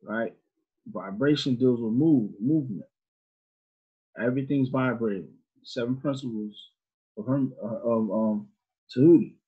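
A man's voice: medium pitch, a little slow, long pauses, breathy edge. A man teaching an informal Sunday school class in a conversational way, asking his students questions, on a dull lo-fi recording.

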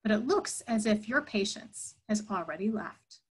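A woman's voice: mid-range voice, animated, moderate pace, breathy edge. A woman voicing a playful male wandering teacher who asks questions, as part of a sermon story.

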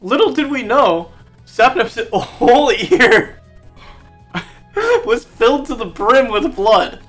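A man's voice: very high voice, sing-song, takes it slowly, a bit bright, faint music behind. A man in casual chat, telling a funny story to friends and laughing as he goes.

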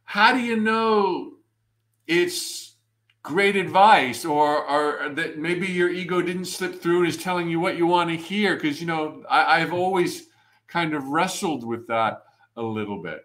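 A man's voice: fairly high pitch, measured pace, fairly bright tone. Enthusiastic man hosting an interview. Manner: effusive, enthusiastic reactions. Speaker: host. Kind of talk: casual interview.

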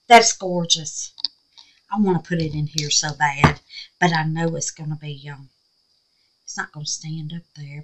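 A woman's voice: low voice, steady tone, unhurried, long pauses, poor audio. An older woman with a Southern US accent hosting a casual crafting vlog, chatty and gushing, calling her viewers honey and babies. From Mississippi, USA. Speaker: resin craft channel host.

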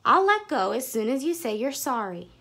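A woman voicing a bold, bossy young schoolgirl who talks loud and sassy in a storybook reading. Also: high-pitched, sing-song, normal speed, vocal fry, voice pushed up, heavily acted.

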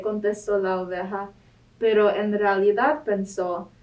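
A woman reads a picture book aloud in a clear, steady way, with a voice pitched a little high. She sounds some distance from the mic. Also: normal speed, slight background noise. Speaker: library storytime reader. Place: library.

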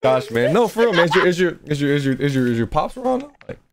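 A man's voice: a little high, big pitch swings, fast talker. A man streaming a shooter game, chatting casually with friends and stammering over his words when he hesitates. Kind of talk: casual gaming voice chat.

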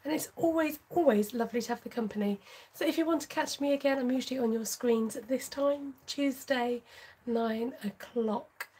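A woman with a slightly high, mellow voice talks through a relaxed livestream craft tutorial. Her tone carries a light husky edge, and she chats freely and laughs easily between steps. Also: normal speed, poor audio. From United Kingdom. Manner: chatty, laughs often, reads viewer comments aloud. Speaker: craft channel host.

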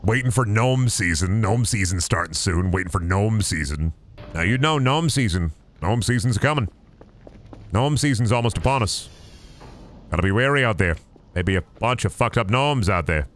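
Low-voiced, profane male streamer. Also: normal speed, a little hiss or hum. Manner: profane, excitable, talks to chat. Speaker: game streamer. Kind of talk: casual live-stream commentary.

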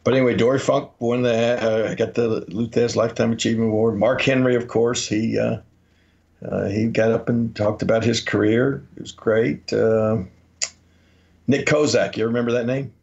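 A man's voice: medium pitch, steady tone, moderate pace, vocal fry, darkish tone. A man, a podcast co-host telling rambling anecdotes and acting out the quotes in them. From Memphis, Tennessee. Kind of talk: casual storytelling. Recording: dull lo-fi audio.

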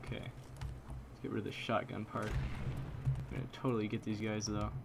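A man giving live commentary on a shooter game, goofy and self-mocking, switching between loud exasperated outbursts and low mumbled asides. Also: steady tone, normal speed, heavy background noise. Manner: goofy, self-mocking, talks trash at opponents. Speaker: gameplay commentator. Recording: game gunfire clearly heard behind the voice.

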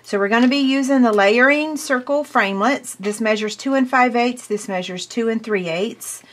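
An American woman giving a hands-on crafting tutorial, chatty and excitable, talking to viewers while she works. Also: fairly high pitch, normal speed, noisy background. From United States. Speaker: craft demonstrator.

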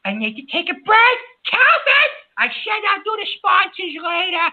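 A man's voice: very high-pitched, wildly swooping pitch, bright, forceful tone, full character voice. A man doing a screechy hot-headed radio host. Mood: upset. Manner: quick to explode, insulting callers. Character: hot-tempered older male radio host. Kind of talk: comedic call-in radio bit. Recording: lo-fi muffled audio.

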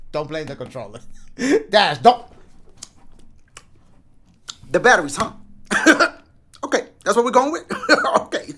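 A gaming YouTuber with a very high, sharp-toned voice gives playful let's-play commentary on a video game, joking around and freestyle rapping along to the beat. Game music plays in the background.

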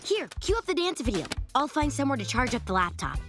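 Sarcastic cartoon tween girl, dry and cool, high with lively swings. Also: fast, loud music behind the voice.

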